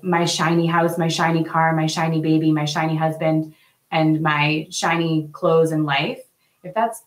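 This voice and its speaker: Woman host, low voice, chatty and earnest, echoey room. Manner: earnest, chatty, many fillers. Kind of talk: casual live talk to viewers.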